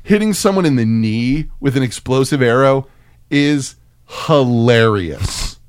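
A man's voice: mid-range voice, unhurried, clear, resonant tone, no room sound, studio quality. A middle-aged man from Texas co-hosting a podcast, telling stories in casual, profane chat. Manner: profane, animated storytelling. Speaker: podcast co-host.

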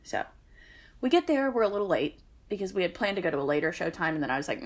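A woman's voice: on the low side, big pitch swings, quick pace. A woman, co-hosting a podcast and telling a long, wry, exasperated story in casual chat. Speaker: podcast co-host.

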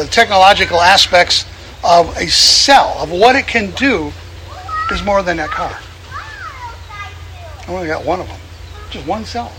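A man preaching outdoors in a folksy, chuckling way, repeating his phrases for emphasis. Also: high voice. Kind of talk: outdoor sermon. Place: outdoors among birds. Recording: noisy outdoor recording.

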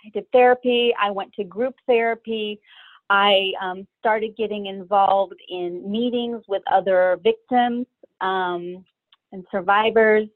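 A middle-aged woman telling her own story as an interview guest, hesitant and pausing often between her thoughts. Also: medium pitch, steady tone, no room sound. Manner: hesitant, many pauses and fillers. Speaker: guest sharing personal story. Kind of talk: candid personal storytelling. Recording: tinny phone-like line, dry.

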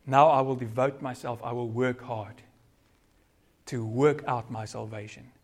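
A man pastor with a South African accent, preaching a sermon with earnest, varied loudness and closing in prayer. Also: medium pitch, fairly even intonation, unhurried.

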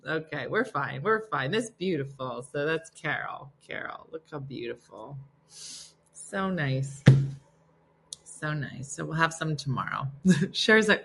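A woman's voice: sits low, sing-song, a little slow, bright, forceful tone. A middle-aged woman hosting a morning show, chatting casually and reading listener valentines, getting emotional and teary. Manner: emotional, tearful, laughing between readings.

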